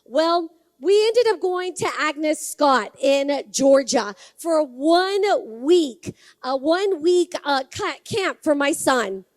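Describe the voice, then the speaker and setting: A woman's voice: high voice, animated, slow, no echo. A woman, a congressional candidate giving a campaign speech and telling stories while talking directly to the crowd. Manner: conversational storytelling, addresses the crowd directly.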